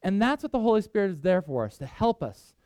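A man's voice: high voice, big pitch swings, fast, a little mellow, dry recording, studio quality. A man preaching a sermon, earnest and conversational, with self-deprecating asides. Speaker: pastor.

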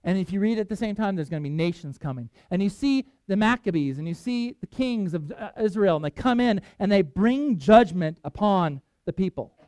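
A man preaching a sermon, reading scripture aloud with emphatic swings in loudness. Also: sits high, animated, normal speed, few pauses, clean tone, no echo. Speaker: pastor.

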